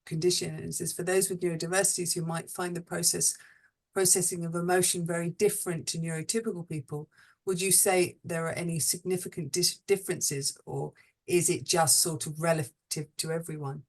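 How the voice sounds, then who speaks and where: A woman hosting an online panel discussion, talking in halting phrases with many restarts and laughing at herself. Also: on the low side, steady tone. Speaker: host.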